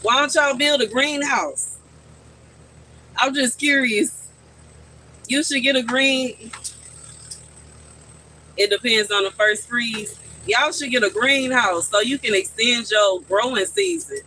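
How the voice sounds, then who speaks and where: A man's voice: very high voice, slow, long pauses, pushed and bright, slight background noise, rough recording. A man chatting casually on a live stream from his backyard garden, answering his viewers' questions.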